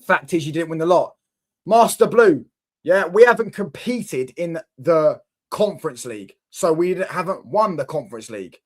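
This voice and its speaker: A man's voice: a little high, animated, normal speed. A young man arguing football in heated, teasing banter as a fan debater.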